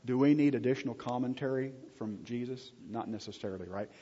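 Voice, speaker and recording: Man, pastor, casual sermon, asks the room questions, husky, echoing church hall. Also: mid-range voice, brisk, mellow. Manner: conversational, jokes with the congregation; asks the audience frequent check-in questions. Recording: husky voice, long hall reverb, dull lo-fi sound.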